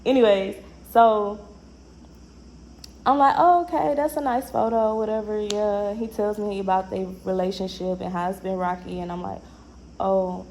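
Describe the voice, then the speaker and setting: Young woman vlogging a story, slangy and animated, mid pitch, acts out the quotes. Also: moderate pace, a little hiss or hum, low-quality recording. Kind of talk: casual storytelling.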